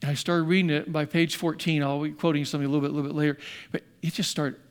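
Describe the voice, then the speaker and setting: Animated storytelling male pastor. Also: a little high, racing, clear, resonant tone. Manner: animated storytelling, acting out both sides of a dialogue. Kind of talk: storytelling sermon.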